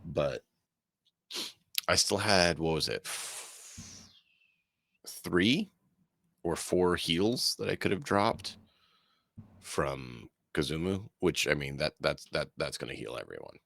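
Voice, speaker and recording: A man's voice: very deep voice, lively intonation, slow, gravelly, pauses often, a bit bright, no echo. A man streaming a video game, chatting casually and rambling through his thoughts as he plays. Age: adult parent. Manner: rambling, talks through frustrations.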